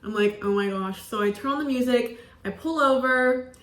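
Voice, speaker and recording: A young woman in her twenties tells a story in a loose, chatty way, filling her lines with "like". Her voice is bright and sits a little high. The room around her rings with echo. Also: normal speed. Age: 20s. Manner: chatty, peppered with "like", acts out quoted lines. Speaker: college student. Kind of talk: casual storytelling. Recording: roomy echo.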